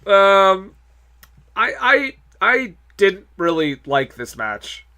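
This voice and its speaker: A man's voice: sits high, big pitch swings, extremely slow, sharp tone. A man hosting a casual podcast, recapping events in a sarcastic, joking way. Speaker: podcast host. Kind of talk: casual chat.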